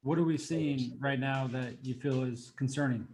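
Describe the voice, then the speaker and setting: Husky-voiced male host asking questions. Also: medium pitch, fairly even intonation, normal speed, darkish tone. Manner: brief interjections and questions. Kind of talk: casual conversation.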